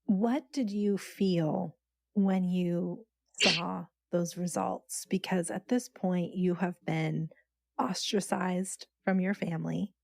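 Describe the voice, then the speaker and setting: Slow, gravelly-voiced woman host. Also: fairly low pitch, fairly even intonation, no echo. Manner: gentle, sympathetic questioning. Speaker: podcast host. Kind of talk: interview questions.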